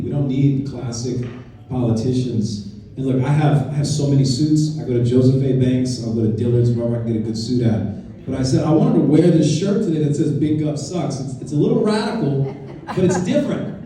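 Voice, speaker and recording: A guest speaker at a political club gives an informal, conversational, and emphatic speech in a meeting room at a club event, often restarting his sentences. His mid-range voice is mellow and comes from far off in a very echoey room.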